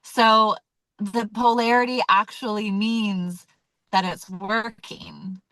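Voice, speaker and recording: A woman's voice: medium pitch, steady tone, slow pace, fairly bright tone, no echo. A woman leading a weekly community call, talking casually and candidly with many fillers and acting out her own reactions. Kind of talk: casual teaching talk.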